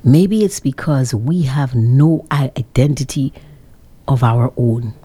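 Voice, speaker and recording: A Saint Lucian woman with a Saint Lucian accent, a social commentator, delivers an opinionated monologue to her listeners, full of sarcastic rhetorical questions. Her bass voice is slow, dark in tone, with a breathy edge.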